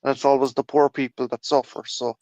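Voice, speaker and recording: A man's voice: mid-range voice, fairly quick, no room sound. A man with an Irish accent, chatting casually and swearing a lot as he animatedly retells film scenes. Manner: swears constantly, animated storytelling. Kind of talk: casual chat.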